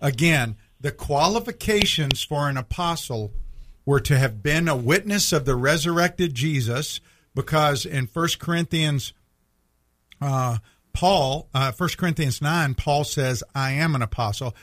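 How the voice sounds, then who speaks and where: A man's voice: fairly high pitch, a little slow, fairly bright tone. A man co-hosting a radio show, teaching from the Bible in an earnest, plainspoken way and asking questions to make his points.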